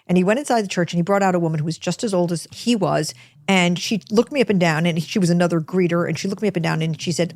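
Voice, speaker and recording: A woman's voice: fairly low pitch, quick pace, dry recording, clean studio sound. Chatty American woman telling a story. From United States. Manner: chatty, animated, self-deprecating. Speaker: host telling a personal story. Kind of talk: personal storytelling.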